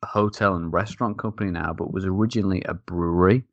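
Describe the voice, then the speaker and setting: Podcast co-host, man, young adult, very low voice, dry close sound, chatty and rambling. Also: fairly even intonation, quick pace, dry recording, highs cut off. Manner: rambling, jokey, many fillers. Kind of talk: casual chat.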